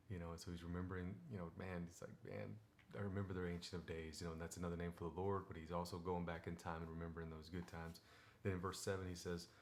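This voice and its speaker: Deep-voiced man giving a devotional talk. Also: level tone, a little hiss or hum. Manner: conversational, many "you know"s, reads verses slowly. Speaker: Bible teacher.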